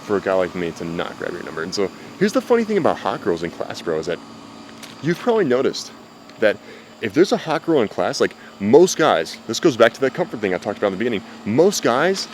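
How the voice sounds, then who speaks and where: This dating coach's medium-pitched voice comes with a little hiss or hum. He's outside where faint cicadas can be heard, speaking casually to camera and giving dating advice that's blunt and profane.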